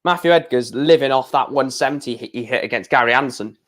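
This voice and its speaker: A man hosting a casual darts watch-along stream, chatting to viewers between louder score calls. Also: medium pitch, fast talker. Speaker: live-stream host.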